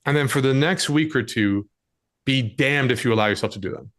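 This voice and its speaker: A man's voice: mid-range voice, fairly quick, fairly bright tone. Man coaching in a direct, casual way. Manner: direct, coaching, acts out scenes with quoted voices. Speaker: dating and lifestyle coach, guest. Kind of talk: casual podcast conversation.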